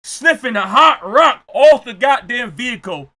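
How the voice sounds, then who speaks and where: A man doing comedic reaction commentary, ranting loudly and often shouting his punchlines. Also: very high-pitched, expressive, a little slow. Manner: repeats jokes for effect. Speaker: reaction streamer.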